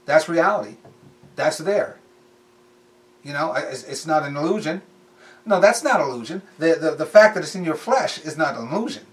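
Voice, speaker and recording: A man's voice: on the high side, expressive, moderate pace, pauses often, a bit bright, distant mic. A man preaching in a casual, conversational way, repeating phrases for emphasis. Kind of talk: sermon.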